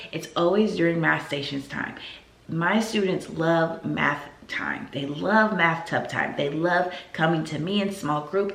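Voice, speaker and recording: A woman who teaches first grade, giving casual classroom advice in a chatty, animated way and acting out what she says to her pupils. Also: deep voice, reverberant.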